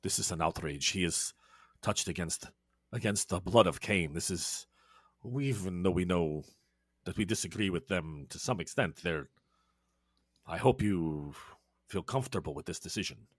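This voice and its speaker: A man voicing an indignant male vampire who speaks in a low, formal, aggrieved way. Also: normal speed, slightly rough, no room sound, clean studio sound.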